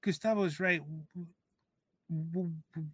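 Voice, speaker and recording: Slow, deliberate Texan man, bright timbre, halting restarts. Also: on the high side, fairly even intonation, slightly rough, dry recording. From Texas. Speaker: guest food writer. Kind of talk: radio panel discussion.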